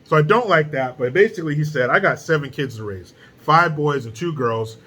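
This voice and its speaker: Male commentary host, slightly high-pitched, bright and forceful, blunt and profane. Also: expressive, fairly quick, slightly rough. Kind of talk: casual opinion commentary.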